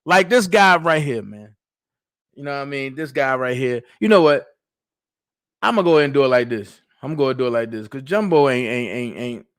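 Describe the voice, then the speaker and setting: A man hosting a casual livestream, calling out loudly to his viewers in slangy, hyped talk. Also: medium pitch, animated, fairly quick, clear, resonant tone, no room sound. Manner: loud, hyped, slangy call-outs to viewers. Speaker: livestream host.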